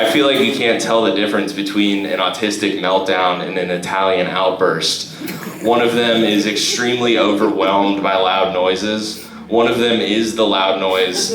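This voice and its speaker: A young male comedian performing a live stand-up set in a comedy club, halting with restarts and fillers. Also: lowish voice, steady tone. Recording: roomy live club recording with crowd. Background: audience laughter.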